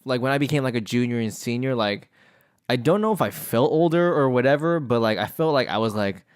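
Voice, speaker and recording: A young man co-hosting a casual podcast chat, relaxed, asking questions with many fillers. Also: medium pitch, brisk, smooth, no room sound. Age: young adult. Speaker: podcast co-host.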